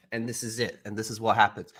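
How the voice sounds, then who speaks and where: A man's voice: on the low side, little pitch movement, a little fast, husky. A man streaming alone, ranting heatedly with lots of swearing. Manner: heated, profane, sarcastic ranting. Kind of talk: livestream rant.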